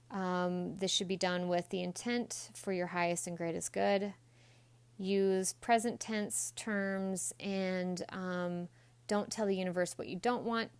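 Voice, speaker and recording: A woman's voice: on the low side, vocal fry, clean tone, dry recording. A woman hosting a self-help podcast in a blunt, chatty monologue, swearing casually and acting out quoted voices. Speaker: podcast host.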